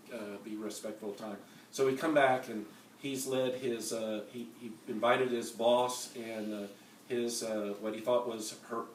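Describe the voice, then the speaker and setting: In a conference center hall, a medium-pitched man gives a rambling storytelling testimony, filled with fillers and restarts. The mic is far off, the hall echoes, and a little hiss or hum is audible.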